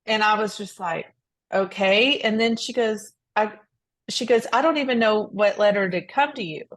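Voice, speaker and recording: A woman co-hosting a ministry podcast tells a moving story in a relaxed faith chat. She speaks earnestly at a moderate pace in an everyday mid-range voice with a fairly bright tone, frequently starting her sentences over.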